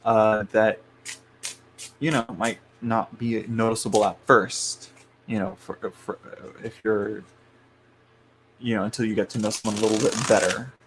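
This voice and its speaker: A man's voice: fairly low pitch, steady tone, measured pace, long pauses, noisy background. A man hosting a live tarot reading stream, rambling along with lots of fillers and restarts and frequent chuckles.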